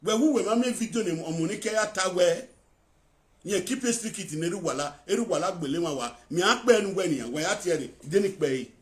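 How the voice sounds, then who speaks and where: A man with a Nigerian accent hosting a live video talk show. He speaks briskly and chimes in with short replies. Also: sits high, animated.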